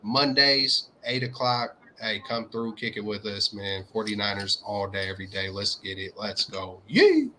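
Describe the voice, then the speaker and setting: A man co-hosting a fan talk show, with a slight Southern American twang and an energetic, slangy way of hyping up viewers. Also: lowish voice, moderate pace, hardly any pauses, slight background noise. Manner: energetic, hypes viewers with shout-outs and slang. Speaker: podcast co-host. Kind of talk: casual chat.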